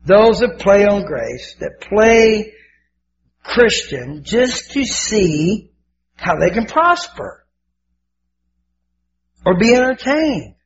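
A man's voice: high voice, sing-song, extremely slow, long pauses. An older man preaching a sermon as pastor, fervent and emotional, repeating his words. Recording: dull lo-fi with faint hiss.

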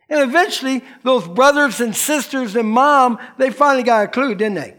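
A man's voice: sits high, normal speed, a bit bright. A middle-aged male pastor giving a casual, slangy sermon and acting out the people in the story. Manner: folksy, slangy, acts out quotes.

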